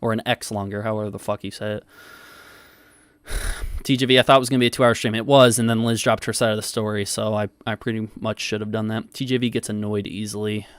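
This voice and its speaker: Dude streaming, defensive and cussing at chat, dry sound. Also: male voice, lowish voice, level tone, fast, clean tone, no echo. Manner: defensive, swears often, reads chat aloud. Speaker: livestream host. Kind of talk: casual livestream commentary.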